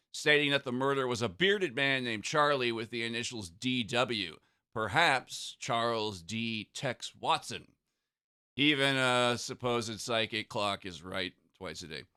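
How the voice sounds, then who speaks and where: A man's voice: mid-range voice, a little slow, sharp tone. Sarcastic man reading podcast notes. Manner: reads notes with sarcastic asides, clears throat. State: scratchy voice. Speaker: podcast co-host reading research. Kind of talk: casual podcast chat, reading notes aloud.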